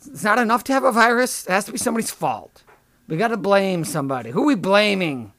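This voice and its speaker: Sarcastic, high-voiced ranting man. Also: very animated, quick pace, fairly bright tone, no room sound. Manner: sarcastic, profane, rambling. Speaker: podcast host. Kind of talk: comedic rant.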